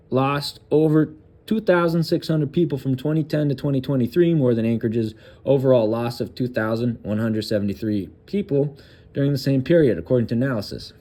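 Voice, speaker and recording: A man hosting a political commentary channel, reading a news article aloud and breaking off for crude, sarcastic asides, with halting restarts. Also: medium pitch, dark tone.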